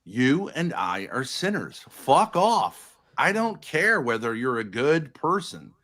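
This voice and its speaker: A man's voice: medium pitch, big pitch swings, slow, fairly bright tone. Blunt, swearing man arguing on stream. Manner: blunt, confrontational and profane. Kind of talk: heated argument on a live stream.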